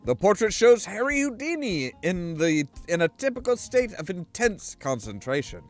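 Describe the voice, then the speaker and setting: A man's voice: high-pitched, very animated, normal speed, hardly any pauses, soft background music. A man reading a video game's text aloud, chatty, with asides and restarts. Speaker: game streamer.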